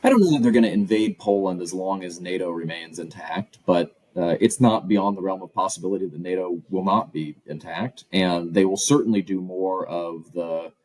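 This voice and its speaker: A male professor gives measured, concise answers in a very deep voice. His tone is a little husky, and the sound is dry and close. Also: darkish tone, dry recording, poor audio. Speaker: guest author and professor. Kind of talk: interview answers.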